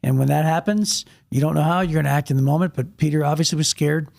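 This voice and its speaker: Gravelly man co-hosting a Bible talk. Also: a little high, fairly even intonation, fast talker, darkish tone. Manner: vivid, with repeated words and restarts. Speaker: podcast co-host. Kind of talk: casual Bible discussion.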